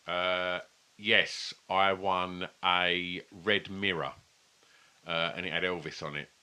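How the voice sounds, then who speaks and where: A man's voice: low voice, level tone, takes it slowly, pushed and bright, clear, resonant tone. A man, co-hosting a casual podcast chat and telling rambling, sweary stories. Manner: rambling, sweary, chatty storytelling. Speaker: podcast co-host. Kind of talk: casual chat over beers.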